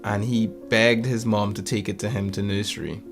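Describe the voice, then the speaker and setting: A man in his thirties casually telling a lively story about his kids, acting out their lines and laughing often. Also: lowish voice, moderate pace, creaky, over music. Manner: animated, acts out family quotes, laughs often. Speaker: podcast co-host.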